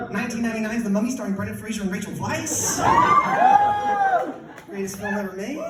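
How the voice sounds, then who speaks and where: A man in his thirties from Canada works a comedy club stage, excitable and prone to sudden shouts. His voice sits very high and leaps around wildly as he tells his bit. The sound is roomy and distant, with a roaring crowd laughing behind him. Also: very noisy. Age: 30s. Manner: animated, excitable, bursts into shouts. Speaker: stand-up comedian. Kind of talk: stand-up comedy. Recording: echoey club from far off, loud crowd laughter. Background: audience laughter.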